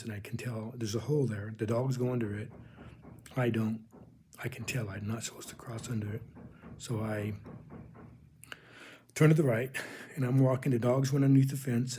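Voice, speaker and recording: A man recounting a spiritual vision as a testimony, speaking earnestly with halting restarts and calling his listeners "people". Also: mid-range voice, steady tone, mellow, a little hiss or hum. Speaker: religious video host.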